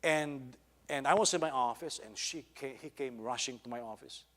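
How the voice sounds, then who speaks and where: Husky Filipino pastor preaching. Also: male voice, mid-range voice, moderate pace, fairly bright tone, in a large hall. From Philippines. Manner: storytelling, rising to emphatic exhortation. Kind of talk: sermon with personal story.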